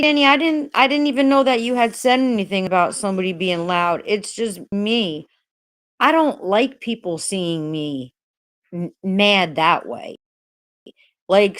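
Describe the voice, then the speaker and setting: A woman hosting a casual livestream, greeting viewers by name while rambling, hesitant and upset, with many restarts and swearing. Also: medium pitch. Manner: frustrated and upset. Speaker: livestream host.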